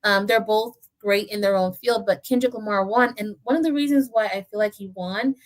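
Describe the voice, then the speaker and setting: Speaking a little fast in a mid-range voice, a woman leads an easygoing podcast chat. She comes across as reflective and thoughtful, with plenty of filler words.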